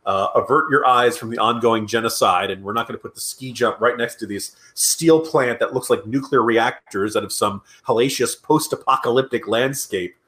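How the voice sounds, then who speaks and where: A man's voice: medium pitch, moderate pace, few pauses, sharp tone. A man co-hosting a political podcast, talking in a sarcastic, ranting way. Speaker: podcast co-host. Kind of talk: casual political chat.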